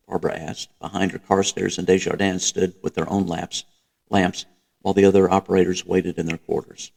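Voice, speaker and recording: Deep, gravelly-voiced man narrating. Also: level tone, a little fast, a little mellow. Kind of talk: audiobook reading.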